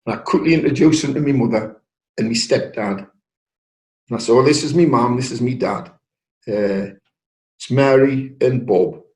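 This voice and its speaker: An older man with a North East English accent, telling a personal story in an interview and lively when acting out quoted voices. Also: mid-range voice, normal speed, pauses often. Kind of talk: anecdotal storytelling. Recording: roomy echo.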